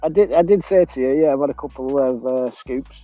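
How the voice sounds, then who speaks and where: A man who has called into a live stream and chats in a relaxed, apologetic way, calling people bro. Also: medium pitch, brisk, dry recording, lo-fi sound, soft background music. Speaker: guest caller. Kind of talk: casual live stream chat.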